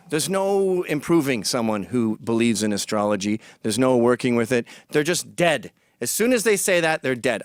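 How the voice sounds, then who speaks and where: A middle-aged man from Britain giving a blunt, mocking monologue, switching between loud jabs and muttered asides. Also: medium pitch, no echo, studio quality. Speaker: commentator. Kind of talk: opinionated monologue to camera.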